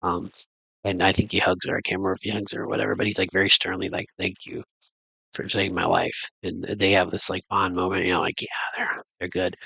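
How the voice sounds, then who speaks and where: A man's voice: low-pitched, monotone, quick pace, creaky, pushed and bright, slightly rough, no room sound, low-quality recording. A man recapping a movie in a casual, rambling way, full of fillers and restarts. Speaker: movie reviewer. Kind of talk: casual spoken film recap.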